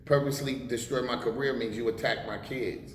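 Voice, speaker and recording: A man in his forties speaks bluntly and emphatically, swearing freely as he makes his points. His voice sits at a middling pitch. It rings through an echoey room with a long reverb tail and faint hiss underneath. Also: steady tone, fairly quick. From United States. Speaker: rapper guest. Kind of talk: casual interview talk.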